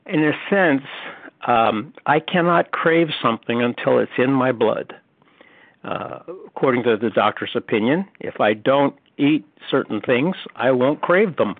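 A man speaks thoughtfully at a recovery meeting, measured and full of small hesitations. His voice comes through a dry, tinny phone line. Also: medium pitch, animated, dry recording. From North Carolina, US. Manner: thoughtful, measured, many uh fillers. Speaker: meeting member sharing.

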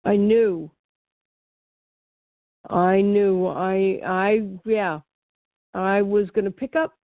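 A woman speaks slowly and haltingly over a video call, repeating words as she goes. Her pitch sits mid-range. The sound is narrow and phone-like, with a dry, close feel. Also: no room sound. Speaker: meeting member sharing. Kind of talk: personal recovery share. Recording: tinny phone-like call audio.

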